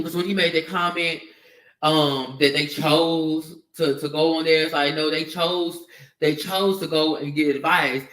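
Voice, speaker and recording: A man's voice: fairly high pitch, fairly bright tone, recorded from a distance. Heated, cursing man in an echoey room. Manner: heated, emphatic, profane, repetitive. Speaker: video commentator. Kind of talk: ranting opinion vlog.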